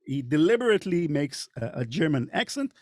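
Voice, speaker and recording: A man's voice: a little high, big pitch swings, fairly quick, dry recording, studio quality. A middle-aged man with a Hebrew accent hosts a podcast chat, talking in a thoughtful way with frequent hesitations. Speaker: podcast host and narrator. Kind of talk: casual panel chat. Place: recording studio.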